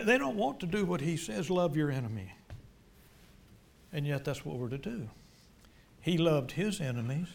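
A middle-aged male preacher delivering a sermon, swinging between loud emphatic lines and quiet, low ones. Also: creaky.

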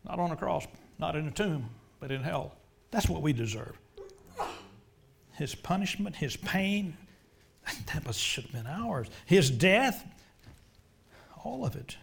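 A man preaching a sermon and leading a prayer, swinging from loud urgent preaching to hushed pleading. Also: fairly high pitch, very animated, slow pace, gravelly, pauses often, a little hiss or hum.

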